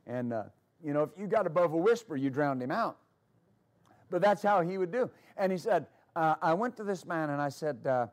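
A man's voice: a little high, lively intonation, a little fast, a little mellow. A man preaching a sermon as pastor, with emphatic repetition and storytelling asides.

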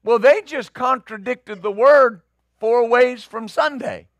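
A middle-aged male pastor preaching a sermon, conversational, rising into loud emphatic peaks. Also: extremely high pitch, slow, no room sound.

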